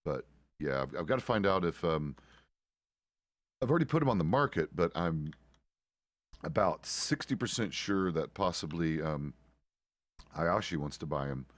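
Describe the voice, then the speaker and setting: A man's voice: low-pitched, lively intonation, normal speed, long pauses, no echo. A middle-aged man streaming a roleplay game, chatting casually in a rambling way, often correcting himself mid-sentence and swearing now and then. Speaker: streamer playing a deputy.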